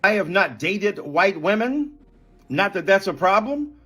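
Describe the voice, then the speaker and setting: A man's voice: high voice, sing-song, measured pace, fairly bright tone, slightly rough. A man in a heated on-air debate, speaking indignantly and emphatically, stacking up accusations one word after another. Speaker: guest in a televised debate.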